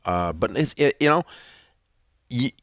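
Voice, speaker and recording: A man's voice: medium pitch, animated, unhurried, fairly bright tone, no room sound, clean studio sound. A man hosting a radio talk show, chatting in a folksy, rambling way with lots of restarts. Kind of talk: casual on-air talk.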